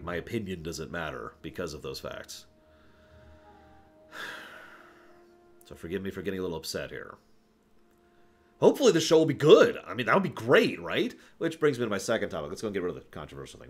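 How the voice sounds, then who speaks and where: Male stream host, lowish voice, lively inflection, opinionated and rambling, faint music bed. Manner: opinionated, rambling with restarts and sighs. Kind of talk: casual livestream commentary.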